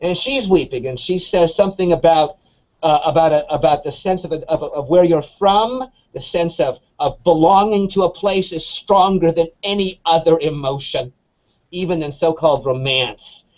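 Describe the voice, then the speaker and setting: A man, an English professor, chatting in an interview as an animated storyteller full of restarts and fillers. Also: a little high, moderate pace. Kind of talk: casual conversational interview. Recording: dull lo-fi sound.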